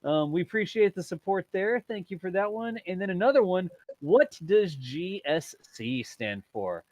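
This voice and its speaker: A man's voice: high-pitched, big pitch swings, normal speed, a little mellow, dry recording. A man hosting a casual livestream, reading viewer messages aloud with lots of laughter. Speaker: livestream host.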